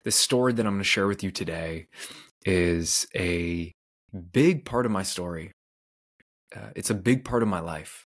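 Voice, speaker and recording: A man's voice: low-pitched, unhurried. A man from Canada hosting his own podcast, telling a personal story in an earnest, candid way with lots of casual "like" fillers. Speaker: podcast host.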